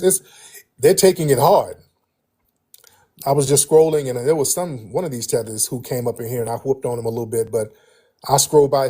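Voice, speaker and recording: A man's voice: medium pitch, mellow, slightly rough. A man hosting a livestream in casual chat, telling stories in a slangy, laid-back way. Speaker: livestream host.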